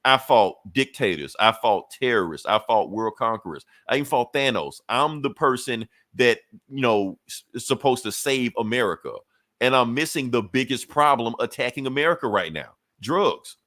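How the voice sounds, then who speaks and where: A man's voice: medium pitch, animated, moderate pace, a bit bright, dry recording. A man casually retelling a comic book story on a podcast, acting out the characters' lines and laughing often. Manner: loose storytelling, acts out quotes, laughs often. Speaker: podcast co-host.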